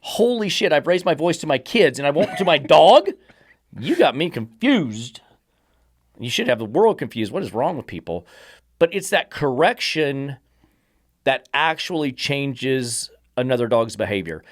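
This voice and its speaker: A man's voice: mid-range voice, big pitch swings, unhurried, dry recording, studio quality. A man who trains dogs and hosts a podcast, talking bluntly and emphatically and sometimes swearing. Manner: blunt, emphatic, swears, acts out dogs' thoughts. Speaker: dog trainer and podcast host. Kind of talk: casual podcast chat.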